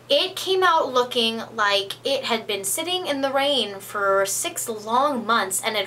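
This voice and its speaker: Bright-voiced chatty young woman vlogger. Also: sits high, animated, slow, few pauses, a little hiss or hum. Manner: chatty, rambling storyteller with lots of "like"; playful, dramatic emphasis. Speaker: beauty vlogger. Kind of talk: casual monthly favorites vlog.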